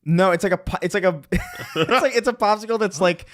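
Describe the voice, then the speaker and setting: A man co-hosting a comedy podcast in casual chat, halting and trailing off as he explains. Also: high voice. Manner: slow, halting, trails off mid-sentence. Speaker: podcast co-host.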